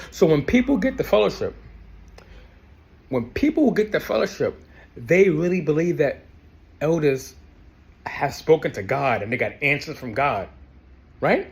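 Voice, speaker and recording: A man's voice: fairly high pitch, sing-song, normal speed, creaky, long pauses. A young man ranting to camera about his family, angry and profane, repeating himself for emphasis. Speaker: ex-Jehovah's Witness vlogger. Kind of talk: heated personal rant to camera.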